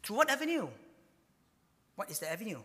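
A man's voice: sits high, fairly quick, big-room sound. A man preaching a sermon, asking rhetorical questions and telling stories with many fillers. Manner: animated storytelling, rhetorical questions, frequent fillers.

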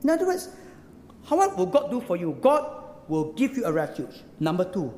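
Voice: medium pitch, huge pitch swings, moderate pace, a little mellow. A preacher with a Singaporean accent giving a sermon, teaching through rhetorical questions and local particles. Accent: Singaporean English. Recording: echoey hall with long reverb.

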